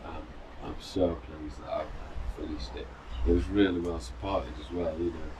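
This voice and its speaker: A middle-aged runner vlogger with a bass voice talks at normal speed in a steady tone, chatting loosely about a long run, fillers and restarts included. He's seated on a balcony in the mountains, and the distant mic catches plenty of outdoor noise.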